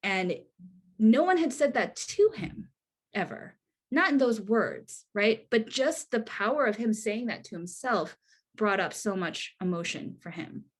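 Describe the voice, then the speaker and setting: During an online workshop held over a video call, a woman presents in an earnest, conversational manner, often restarting her sentences and tagging them with "right?". Her mid-range voice is animated, slightly rough, and a little slow.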